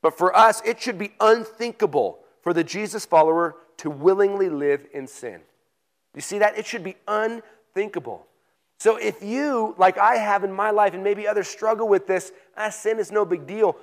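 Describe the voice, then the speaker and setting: Man, pastor, high voice, casual sermon, emphatic scripture reading. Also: moderate pace, gravelly. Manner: conversational preaching, reads scripture aloud with emphasis.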